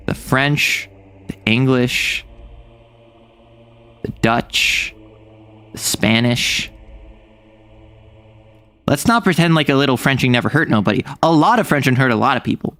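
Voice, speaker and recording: A man's voice: mid-range voice, a little slow, long pauses, pushed and bright. Rambling, jokey young streamer man. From United States. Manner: rambling, jokey, self-interrupting. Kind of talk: casual chat stream.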